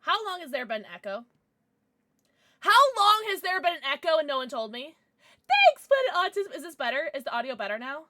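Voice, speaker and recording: Een jonge vrouw die als streamer luchtig en giechelend met haar chat praat, met een heldere, levendige stem en een droge opname zonder galm. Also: female voice, sits high, lively intonation, a little fast, pushed and bright, no echo, clean studio sound. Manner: chatty and giggly, reacting to chat. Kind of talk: casual livestream chat. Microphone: desk microphone.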